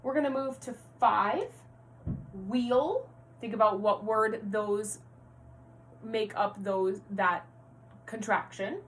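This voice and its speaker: A woman teaching a first-grade reading lesson to young children at home, speaking clearly and encouragingly and spelling words out letter by letter. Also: medium pitch, slow pace, long pauses. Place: home, near her rocking chair. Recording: distant mic with faint hum.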